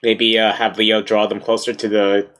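A man's voice: fairly low pitch, level tone, normal speed, a bit bright. A man playing a tabletop game, chatting casually and hesitantly with many filler words. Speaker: player.

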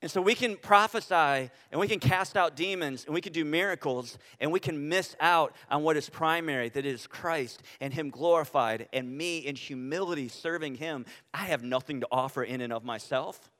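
A man preaching a sermon as pastor, animated and full of rhetorical questions, often restarting his sentences. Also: on the high side, normal speed, hardly any pauses. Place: church sanctuary. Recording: reverberant church hall.

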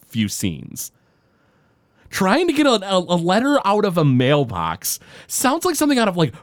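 A man co-hosting a podcast, excitedly recapping a cartoon episode with quick paraphrased quotes and frequent restarts. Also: sits high, dry recording, clean studio sound. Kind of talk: casual chat.

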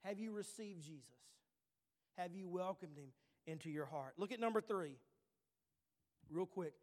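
A man's voice: high voice, normal speed, a little mellow. A man in his thirties preaching a sermon as pastor, earnest, repeating his questions and checking in with "all right.". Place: church sanctuary. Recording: long reverb in a hall.

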